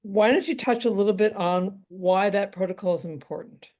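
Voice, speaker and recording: A woman moderating a panel, her voice going hoarse, so she keeps clearing her throat. Her tone is mellow and relaxed. She asks open, conversational questions. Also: mid-range voice, normal speed. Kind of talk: panel discussion.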